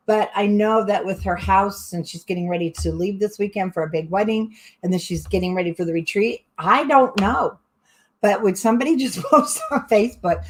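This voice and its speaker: A middle-aged woman hosting a live crafting stream, chatty, excitable and often breaking into giggles. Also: medium pitch. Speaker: crafting channel host.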